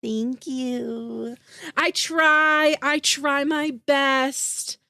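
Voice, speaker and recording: Female streamer, high and bright, bubbly, giggly, emotional, close and dry. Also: fairly even intonation, very slow, gravelly, no echo. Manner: bubbly and giggly, heavy on "like" fillers; emotional, voice rising into teary squeals. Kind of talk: casual live-stream chat with viewers.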